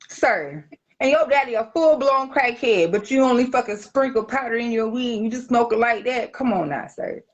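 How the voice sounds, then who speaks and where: Woman, casual storytelling, profane, animated, slightly high-pitched. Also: moderate pace, highs cut off. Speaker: guest.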